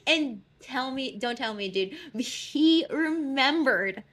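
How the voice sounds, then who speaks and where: A young woman chatting casually, her voice high and bright. She teases playfully and giggles as she tells a story. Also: expressive, takes it slowly. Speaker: co-host. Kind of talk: casual chat.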